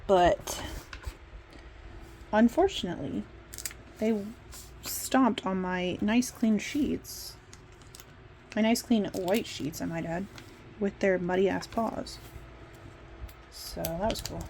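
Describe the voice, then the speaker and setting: A woman's voice: mid-range voice, slow, pauses often, a little mellow, a little hiss or hum. A woman chatting casually and candidly while decorating her planner at home, rambling a bit and swearing now and then. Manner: rambling, candid, mildly profane. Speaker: planner vlogger.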